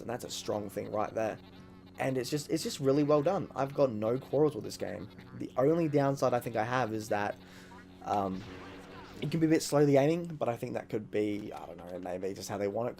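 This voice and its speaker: A man talking casually over a video game he is playing, excitable and rambling, swearing often. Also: fairly low pitch, vocal fry, a little hiss or hum. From Australia. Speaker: gaming YouTuber. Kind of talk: casual let's-play commentary.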